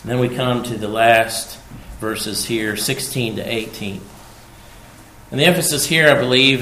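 Slow, emphatic preacher in a roomy space. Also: male voice, mid-range voice, a little hiss or hum. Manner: emphatic, repeats key phrases, swings from hushed to loud. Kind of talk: sermon.

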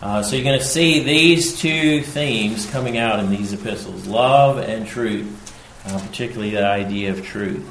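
A man preaching a sermon, slow and emphatic, repeating his key phrases. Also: on the low side, fairly bright tone, a little hiss or hum. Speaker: pastor. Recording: echoey room with faint ambience.

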